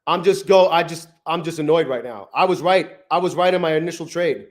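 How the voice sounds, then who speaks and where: Guy livestreaming his trades from his garage, high-ish voice, cusses constantly, mutters then gloats. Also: fairly quick. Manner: swears a lot, thinks aloud, swings from mutter to gloating. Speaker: trading livestreamer. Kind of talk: live trading stream commentary. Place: home garage.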